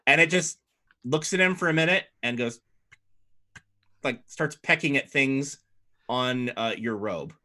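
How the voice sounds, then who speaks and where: Man game master, bright tone, rambling easy narration. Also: mid-range voice, a little slow, pauses often. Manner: loose, rambling narration with many fillers. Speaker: dungeon master.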